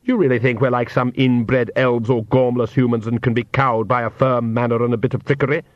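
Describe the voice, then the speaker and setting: A man voicing a suave, menacing vampire count who mocks his foes in a smooth, drawn-out way, in an audiobook. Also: mid-range voice, little pitch movement, dry recording, lightly acted. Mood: mocking. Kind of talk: audiobook character voice. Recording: dull, dry lo-fi recording.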